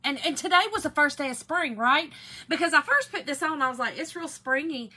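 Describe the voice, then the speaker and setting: Hoarse Southern woman chatting on a live stream. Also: high voice, expressive, a little fast, sharp tone. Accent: Southern US (Georgia). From Georgia, US. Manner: chatty, greets viewers by name, constant "y'all". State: hoarse, raspy voice. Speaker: craft live-stream host. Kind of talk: casual live-stream chat.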